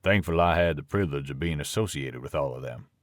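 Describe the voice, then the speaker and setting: A man voicing an older Southern football coach, speaking in a thick Southern drawl with a halting mumble. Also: extremely low pitch, dry recording, studio quality. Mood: humble.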